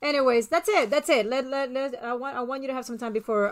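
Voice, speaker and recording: A woman hosting a podcast, chatting casually and telling stories with lively quoted exchanges. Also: high voice, fast, a loud crowd. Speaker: podcast host. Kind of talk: casual chat.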